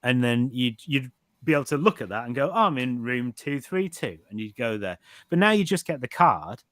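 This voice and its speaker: A man's voice: mid-range voice, very animated, moderate pace, fairly bright tone, no echo. Wry man hosting, dry sound. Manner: wry, joking, plugs the show. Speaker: podcast host. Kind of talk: casual chat.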